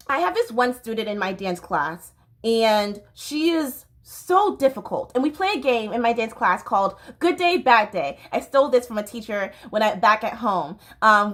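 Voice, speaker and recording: A woman's voice: on the high side, fairly bright tone. Woman, 30s, dance teacher, raised voice, candid and rambling vlog storytelling. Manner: candid, rambling, with frequent fillers and restarts.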